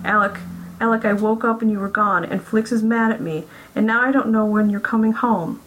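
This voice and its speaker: A woman puts on a lovesick wife whose voice climbs high and bright as panic takes over. She pleads in quick, rising bursts and reaches higher than a plain reading voice would. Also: fairly even intonation, lightly acted, low-quality recording. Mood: frantic. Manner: pleading, talking faster and faster. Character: frantic, lovesick woman searching for her husband.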